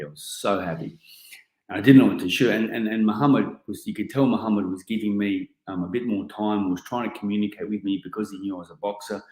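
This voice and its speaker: An Australian man in his forties giving a keynote talk, telling an animated story full of casual slang. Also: lowish voice. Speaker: keynote speaker. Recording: roomy echoing hall.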